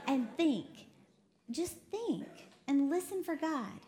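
A woman from Texas preaching a lively sermon, laughing often and quoting voices as she talks. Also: sits high, slow. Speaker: preacher co-hosting a broadcast. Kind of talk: sermon to a women's audience.

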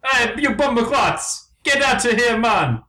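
Brief: loud cartoon street bird, exaggerated Jamaican accent, very high squawk, a man doing the bit. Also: expressive, measured pace, echoey room, distant mic, heavily acted. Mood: rowdy. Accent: put-on Jamaican. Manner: exaggerated, shouting slang. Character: rowdy male street bird, bossy. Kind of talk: improvised comedy skit.

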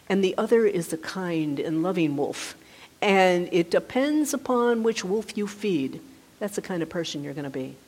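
Gentle woman meditation teacher, reverberant hall. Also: lowish voice. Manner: gentle, conversational, with frequent restarts. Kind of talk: dharma talk.

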